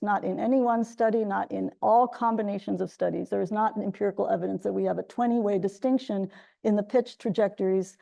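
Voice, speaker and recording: A woman's voice: medium pitch, gravelly, warm tone. A woman giving an academic lecture as a guest speaker. She explains methodically and often restarts her phrases.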